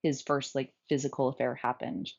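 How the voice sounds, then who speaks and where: Low-pitched woman podcast co-host; open, reflective, laughs often; muffled lo-fi recording. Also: flat delivery, moderate pace, vocal fry, a little mellow, husky. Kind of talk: candid podcast conversation. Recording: dull lo-fi sound.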